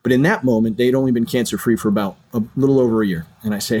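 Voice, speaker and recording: Interview guest: middle-aged man, earnest, conversational storyteller, mid pitch. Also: fairly even intonation, rapid-fire, mellow. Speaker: guest, retired fighter pilot and chaplain.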